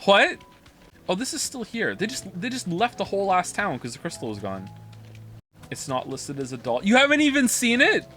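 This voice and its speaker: A man's voice: high voice, huge pitch swings, normal speed, pushed and bright, faint music behind. A man streaming a video game while reading chat, rambling, swearing and reacting with incredulous outbursts.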